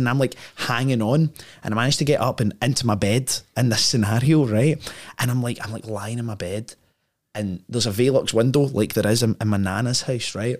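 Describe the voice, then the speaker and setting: A man, a podcast guest telling a story in a casual, slangy way, full of "like" and "right?". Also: medium pitch.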